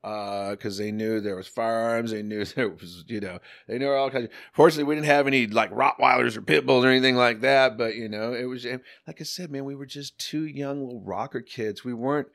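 A middle-aged man telling a story in a casual chat, animated and profane, acting out the people he quotes. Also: medium pitch, fairly quick, vocal fry, few pauses. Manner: animated, swearing, acts out quotes in other voices. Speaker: podcast guest.

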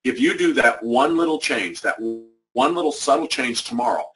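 A workshop presenter with a medium-pitched, animated, slightly bright voice gives a motivational training talk to educators at normal speed. He's emphatic and conversational, repeating his key points, and the microphone is distant.

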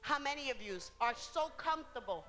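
A woman's voice: sits high, animated, brisk, a bit bright, soft background music. A woman preacher giving a bilingual sermon in a church, switching between Spanish and English phrase by phrase, rising and falling in intensity and drawing out key words.

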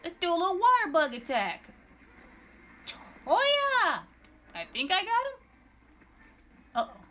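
High, lively, excitable woman gamer. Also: a little fast, slight background noise. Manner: excitable, exclaiming and repeating words. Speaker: gameplay streamer. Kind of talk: live gameplay commentary.

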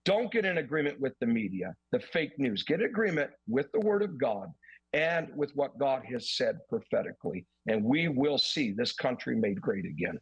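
A pastor preaching with emphasis, declaring a prophetic message on a talk program. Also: male voice, medium pitch, very animated, moderate pace, slightly rough, no room sound, highs cut off.

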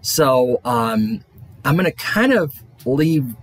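A male college lecturer talks through his material in a loose, rambling way. His slightly husky voice swings widely in pitch, and he fills pauses with ums and restarts. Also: very animated. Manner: rambling, many fillers and restarts. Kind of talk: classroom lecture.

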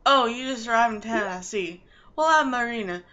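A woman's voice: fairly high pitch, normal speed, pushed and bright, highs cut off. A woman voicing a friendly female barkeeper in a put-on Southern US accent, with a drawling, welcoming manner.

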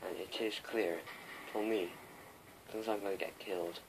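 A man's voice: lowish voice, fairly even intonation, moderate pace. A man from Wales giving rambling, casual commentary while playing an online shooter, often swearing at other players. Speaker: gamer. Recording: game sounds and noise behind.

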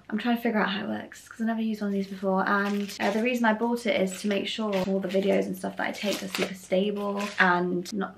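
A young woman chatting casually to her viewers in a vlog, excitable and friendly. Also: medium pitch, creaky, slight background noise. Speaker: vlogger.

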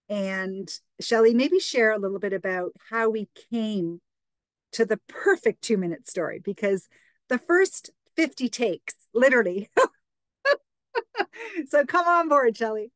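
A woman's voice: medium pitch, dry recording. A woman in her fifties from Canada hosting a team call, chatting casually and retelling conversations with lots of "I said" and "she goes".

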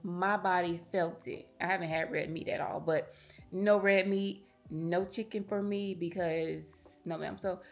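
A woman's voice: on the low side, steady tone, a little slow, vocal fry. A woman in her thirties talking casually to her viewers while out on a morning walk, candid and chatty, a little out of breath. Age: 30s. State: slightly out of breath from walking. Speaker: vlogger. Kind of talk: casual chat to camera while walking.

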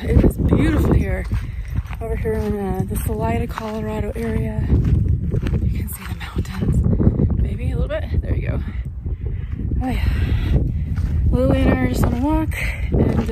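A woman vlogging about van life, chatting casually with fillers while walking outdoors on windy hills and filming with a handheld camera. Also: on the high side. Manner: chatty, enthusiastic, rambling with fillers. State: out of breath while walking uphill. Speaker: vanlife vlogger. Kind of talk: casual vlog narration and walk-and-talk.

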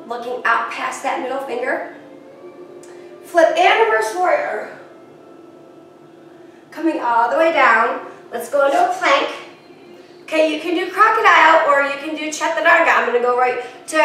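Upbeat woman yoga teacher, high voice, chatty cues, recorded in a very echoey room from afar with soft music. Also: normal speed, distant mic, a little hiss or hum. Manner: encouraging, chatty, self-teasing asides. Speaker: yoga instructor. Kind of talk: guided yoga class instruction.

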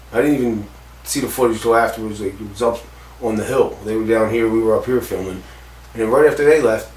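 A man telling a story in an interview, rambling and swearing freely, with lots of fillers. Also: lowish voice. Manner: rambling, profane, full of fillers like "like" and "you know". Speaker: interviewee recounting a stunt accident. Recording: roomy echo, distant mic, faint background noise.

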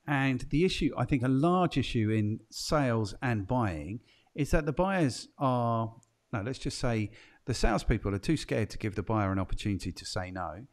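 A male podcast host with a mid-range voice who talks in a chatty, musing way. He thinks aloud and asks his guest questions in a relaxed conversation. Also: medium pitch, normal speed. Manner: chatty, musing, asks guests questions, frequent "do you know what I mean".

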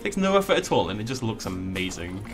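A man's voice: fairly low pitch, sing-song, fast talker, faint music behind. A man giving casual, playful commentary while he plays a video game, full of jokey asides. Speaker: let's play host.

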